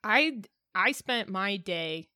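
A woman's voice: mid-range voice, lively intonation, takes it slowly, sharp tone, no echo, studio quality. A woman co-hosting a podcast, chatting casually with many fillers about a TV episode. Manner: chatty, filler-heavy reflection. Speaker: podcast co-host. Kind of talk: casual chat.

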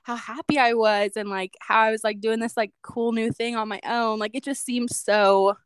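A woman's voice: fairly high pitch, steady tone, moderate pace, clean tone, no room sound. A young woman co-hosting a podcast, telling a personal story in a casual chat with a lot of "like" fillers. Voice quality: says "like" a lot, chatty and reflective. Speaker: podcast co-host.

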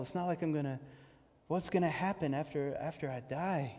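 A man preaching a sermon with passion, halting and repeating words, rising to loud cries and then dropping to hushed tones as he reads and explains scripture. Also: fairly high pitch. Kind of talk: sermon on a psalm. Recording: long hall reverb.

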